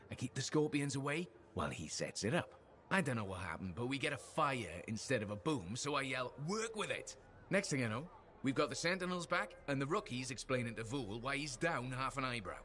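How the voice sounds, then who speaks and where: A man's voice: mid-range voice, brisk, lightly acted. An actor playing an upbeat man who runs a crew's books, telling stories in video game dialogue in a chatty, friendly way. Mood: storytelling. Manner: chatty, friendly, animated storyteller.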